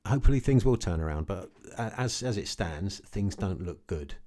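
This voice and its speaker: A man's voice: deep voice, expressive, normal speed, mellow. A man ranting casually to camera about his investments, blunt and repetitive, often tagging his points with "okay". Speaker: crypto vlogger.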